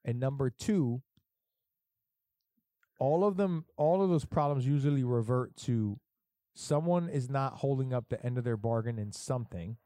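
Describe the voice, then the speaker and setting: Middle-aged man, casual profane storyteller, mellow warm tone, dry close sound. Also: mid-range voice, normal speed, dry recording. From Puerto Rico heritage. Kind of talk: casual chat.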